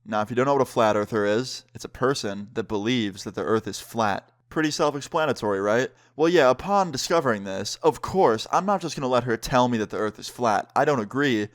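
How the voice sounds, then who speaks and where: A young man telling a personal story in a casual, animated way, with lots of filler words. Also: medium pitch, a little fast, hardly any pauses. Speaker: vlogger. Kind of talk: storytime vlog.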